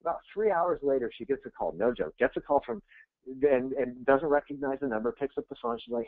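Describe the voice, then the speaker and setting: A man coaching real estate agents in a webinar, energetic and conversational, blunt and quick to go off on tangents. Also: medium pitch, dry recording. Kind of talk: webinar presentation. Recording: tinny, dry phone-like webinar audio.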